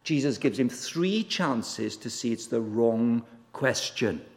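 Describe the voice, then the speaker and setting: A man's voice: expressive, takes it slowly. A man preaching a sermon as a guest preacher, chatty and direct, asking the congregation questions and acting out the voices he quotes. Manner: conversational, asks the congregation questions; acts out quoted voices with big pitch swings. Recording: long reverb of a large hall.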